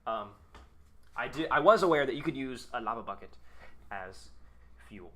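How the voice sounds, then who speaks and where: A man with a bright, forceful voice talks through a live game stream in casual, rambling chat. He swears freely, mocks himself and teases his viewers while muttering as he builds. A faint hum of noise sits under his voice. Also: medium pitch, lively intonation, moderate pace. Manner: swears often, jokes and banters with chat. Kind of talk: casual live gameplay commentary.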